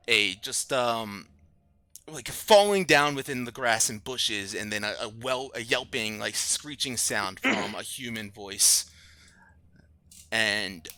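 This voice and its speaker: A man running a tabletop game as dungeon master, narrating in an unhurried, lively way. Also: lowish voice. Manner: unhurried and lively, with fillers and restarts while he narrates.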